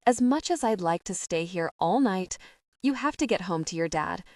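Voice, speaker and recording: A woman's voice: on the low side, animated, moderate pace, no room sound, clean studio sound, recorded from a distance. Woman voicing a tender devoted young man. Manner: gentle, sincere.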